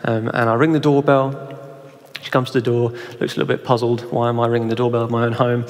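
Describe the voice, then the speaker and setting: Young pastor, chatty sermon delivery with questions to the room, mid pitch, echoing church hall. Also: male voice, flat delivery, fast talker. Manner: conversational, asks the audience questions. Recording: reverberant hall.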